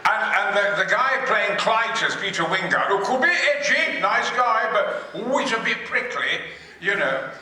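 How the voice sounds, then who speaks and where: Booming sweary older man in a hall. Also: lively intonation, a little slow, pushed and bright. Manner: booming, sweary, theatrical storyteller. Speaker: panel guest at a fan convention. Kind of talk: bawdy anecdote-telling on stage. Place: large convention hall. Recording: echoey hall recorded from far off.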